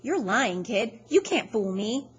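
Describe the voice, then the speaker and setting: A woman's voice: fairly high pitch, big pitch swings, slow pace, highs cut off, slight background noise, pitched above the performer's own voice. A woman reading the lines of a cruel, menacing grown man with a contemptuous, threatening tone.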